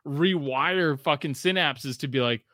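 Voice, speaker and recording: Bright, animated man telling stories. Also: measured pace, no room sound, clean studio sound. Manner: animated storyteller, swears freely, rising pitch when excited. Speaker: podcast co-host. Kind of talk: casual sports chat.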